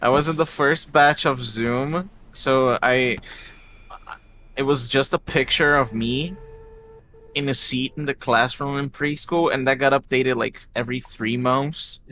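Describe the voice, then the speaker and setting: A man chatting on a game stream with friends, telling a story in a halting, giggly way. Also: medium pitch, fairly even intonation, bright, forceful tone, a little hiss or hum. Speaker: stream guest. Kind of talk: casual chat while gaming.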